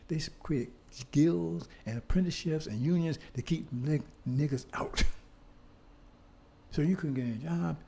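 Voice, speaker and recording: Gravelly older man preaching fiercely. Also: on the high side, warm tone. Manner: fiery, repetitive, rhetorical questions, swears. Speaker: speaker on history. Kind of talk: impassioned street-style lecture.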